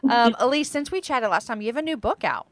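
A woman's voice: on the high side, expressive, fast, no echo. A woman hosting a podcast, chatting casually about faith and often affirming her guest. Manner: warm, chatty, affirming with frequent yeahs. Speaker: podcast host.

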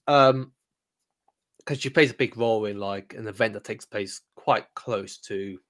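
A man's voice: fairly low pitch, measured pace, fairly bright tone. A man co-hosting a podcast review, chatting casually with many fillers and restarts. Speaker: podcast co-host.

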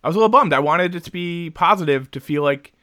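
A man from Jersey City co-hosts a casual podcast in a bright, lively tone. He jokes, swears freely and laughs often. The recording is dry and close, with no room sound. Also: fairly high pitch, fast, no echo. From Jersey City, USA. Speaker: podcast co-host.

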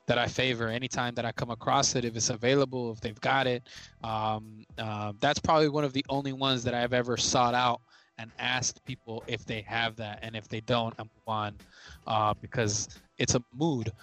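A man's voice: medium pitch, a bit bright, no echo. A man in casual podcast chat, laid-back and slangy, with frequent swearing.

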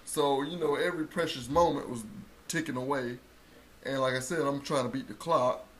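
A man telling a story in casual chat, acting out quotes and rising to loud bursts. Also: mid-range voice, fairly even intonation, normal speed, slight background noise. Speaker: co-host telling a birth story.

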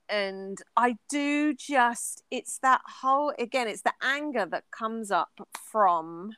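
A woman's voice: fairly high pitch, expressive, unhurried, few pauses, a bit bright, clean tone, dry recording. A middle-aged woman co-hosting a podcast, talking candidly in casual chat and swearing freely. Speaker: podcast co-host.

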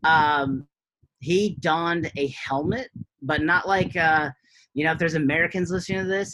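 A man's voice: fairly high pitch, moderate pace, bright, forceful tone, low-quality recording. A man co-hosting a podcast, telling a story in casual chat with amused energy. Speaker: podcast co-host.

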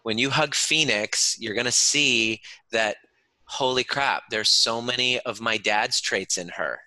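Intense bright-voiced man coaching. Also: mid-range voice, a little slow, no room sound. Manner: intense, soothing, swears freely. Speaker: guest, chiropractor and educator. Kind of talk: guided emotional coaching.

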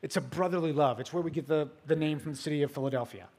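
Guy pastor preaching, kinda high voice, laid-back storytelling, loud then hushed, long hall echo. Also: quick pace. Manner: casual storytelling with filler words; swings between loud emphasis and soft hushed passages. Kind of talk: sermon.

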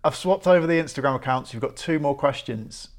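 Over a noisy crowd, a male podcast host with a fairly high pitch speaks briskly. In this casual podcast interview, he reads out listener questions and laughs along with his guest.

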